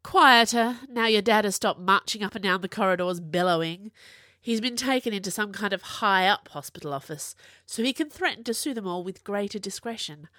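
A woman voicing a sharp-tongued, fiercely loyal young witch who talks briskly and teases. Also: medium pitch, animated, no room sound, studio quality. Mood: lively.

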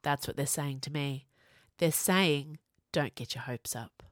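A woman voicing a young male wizard who is hurt and subdued, speaking low and gently with a wry edge. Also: measured pace, no echo, clean studio sound.

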